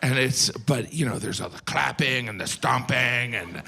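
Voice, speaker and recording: A middle-aged American man doing a stand-up set, deadpan, slipping into silly voices for the people he quotes. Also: mid-range voice, moderate pace, creaky, breathy edge. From United States. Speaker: stand-up comedian. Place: live comedy venue with audience.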